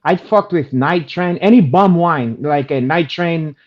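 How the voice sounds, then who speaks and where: A man's voice: fairly high pitch, unhurried. A man co-hosting a casual chat show, joking and rambling in streetwise slang. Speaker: co-host. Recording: dull lo-fi stream audio.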